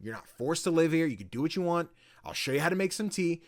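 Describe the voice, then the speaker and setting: A man voicing a gentle, kind male tea shop keeper in a video game retelling, speaking softly and reassuringly. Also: on the high side, animated, quick pace, voice pushed up, natural voice. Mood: encouraging. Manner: soft, reassuring.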